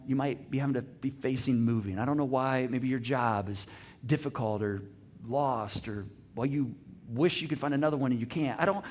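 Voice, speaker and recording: A male pastor giving a sermon in a conversational, earnest way, often restarting his sentences. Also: a little high. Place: church.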